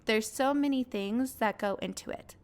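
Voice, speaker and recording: A woman's voice: on the high side, normal speed. Candid young woman hosting a podcast. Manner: candid and earnest, laughing now and then. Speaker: podcast host. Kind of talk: personal podcast monologue.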